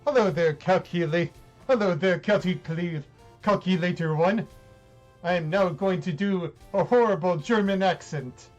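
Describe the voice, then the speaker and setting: A man's voice: high-pitched, measured pace, darkish tone, highs cut off. A man streaming a game live, making playful, joking asides. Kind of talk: casual live game commentary. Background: game music.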